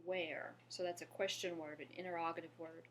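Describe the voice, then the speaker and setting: A woman from Louisiana teaching a French lesson, patiently explaining and pausing to have listeners repeat after her. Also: lowish voice, little pitch movement, slight background noise. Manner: patient, slows down to model pronunciation and asks viewers to repeat. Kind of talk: language lesson.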